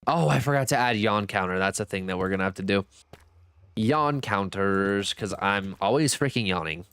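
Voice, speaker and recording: A man's voice: normal speed, a bit bright, smooth. A man streaming a game, chatting casually, reading viewers' messages aloud and thanking them, joking at his own expense. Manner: reads and answers chat aloud, thanks viewers; jokey, self-teasing, swings between high and low pitch. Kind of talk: casual live-stream chat.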